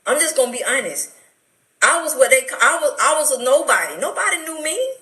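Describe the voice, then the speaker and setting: A woman's voice: high voice, sing-song, fairly quick, sharp tone, roomy sound, low-quality recording. A middle-aged woman with an Atlanta accent, telling her life story with emotional, preacherly fervor as a talk show guest. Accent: Atlanta, Southern US. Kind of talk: testimony in a radio talk show interview.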